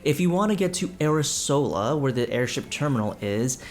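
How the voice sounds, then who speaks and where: A man's voice: medium pitch, expressive, fairly quick, slight background noise, lightly acted. A man voicing a friendly, chatty local townsperson who welcomes a newcomer.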